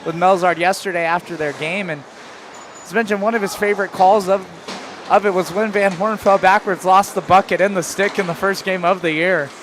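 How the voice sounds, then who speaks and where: A man with a high, bright speaking voice calls play-by-play at a local hockey game. He rambles casually between plays, then jumps into calling the shots. A faint hum of ambient noise sits under him. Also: steady tone, brisk. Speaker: play-by-play announcer.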